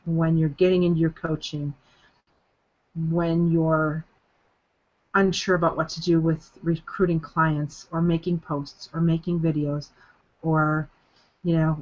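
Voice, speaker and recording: Leading a group coaching call, a woman gives an earnest, emphatic motivational talk, repeating phrases for stress. Her voice is low with a darkish tone, and the conference-call audio sounds dull.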